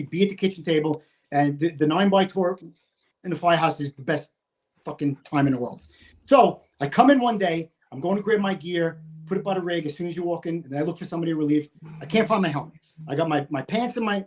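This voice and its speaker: A man in his fifties, a retired firefighter from the United States, swearing freely as he tells a story in casual conversation and acting out his own shouting. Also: on the high side. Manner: profane, animated, acts out his own shouting.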